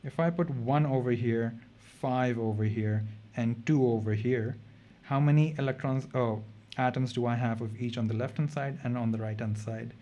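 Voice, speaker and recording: A young man runs a relaxed exam revision session in chemistry, talking through problems as he goes. His voice sits at an ordinary middle pitch for a man. He thinks out loud and often stops to correct himself mid-sentence. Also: moderate pace, muffled recording. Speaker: chemistry tutor. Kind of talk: casual exam revision lesson.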